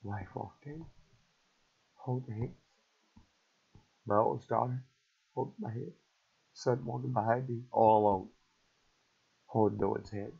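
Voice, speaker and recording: Middle-aged man, husky and raw, telling a painful story in fits and starts; muffled lo-fi recording. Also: medium pitch. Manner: halting, repetitive, raw. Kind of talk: emotional personal story. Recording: dull lo-fi recording.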